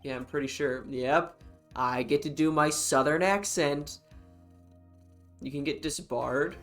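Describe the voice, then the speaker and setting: A man's voice: a little high, a little slow, fairly bright tone, faint music behind. A man hosting a casual game stream, rambling and giggling through loose banter full of fillers. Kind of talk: casual let's-play banter.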